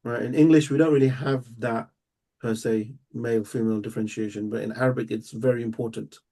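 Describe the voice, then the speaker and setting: A man teaching a live language lesson, explaining step by step and repeating words slowly and patiently. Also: medium pitch, fairly even intonation, dark tone. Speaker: Arabic teacher.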